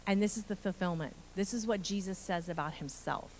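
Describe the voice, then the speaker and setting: A woman's voice: mid-range voice, fairly quick, a little mellow, a little hiss or hum, poor audio. A woman pastor preaching a live sermon in a church, earnest and building emphasis as she speaks. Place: church sanctuary.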